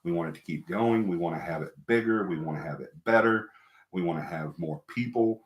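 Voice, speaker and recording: Deep-voiced man chatting on a live stream. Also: a little fast. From American South. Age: middle-aged or older. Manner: rambling, repeats himself, emphatic. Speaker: host of a paranormal live stream. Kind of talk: casual live-stream chat with viewers. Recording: echoey room.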